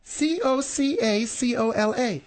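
A woman's voice: fairly high pitch, measured pace, darkish tone. A woman co-hosting a radio talk show, stubbornly needling the host.

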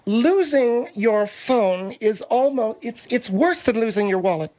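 A man's voice: extremely high pitch, animated, a little mellow, voice pushed up. A man doing a prim scolding lady co-host. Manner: prim, chiding, fast-talking. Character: prim scolding middle-aged woman co-host. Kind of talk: comedic talk radio role-play.

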